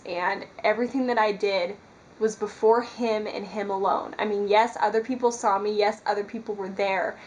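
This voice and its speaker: A woman's voice: mid-range voice, a little hiss or hum, low-quality recording. Earnest woman rambling to her camera about faith, lots of likes and ums. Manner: earnest, rambling, filler-heavy. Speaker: Christian vlogger. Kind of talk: casual devotional talk to camera. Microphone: camera mic.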